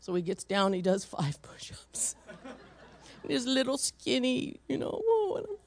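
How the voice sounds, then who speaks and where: An older woman, a grandmother, preaching a sermon full of personal stories, swinging between loud and hushed. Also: a little high, big pitch swings, measured pace. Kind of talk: storytelling sermon.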